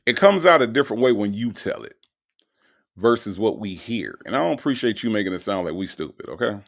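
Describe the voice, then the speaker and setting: A man's voice: fairly low pitch, sing-song, a little fast, vocal fry. A man hosting a show, mocking and emphatic as he reacts to recorded calls and reads viewer comments aloud.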